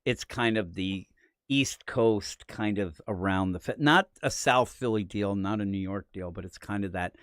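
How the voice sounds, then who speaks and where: An American man co-hosting a casual live-stream chat, telling stories in an animated way and slipping into put-on voices. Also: normal speed, smooth, dry recording, studio quality. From United States. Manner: animated storyteller, breaks into high put-on voices. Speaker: podcast co-host.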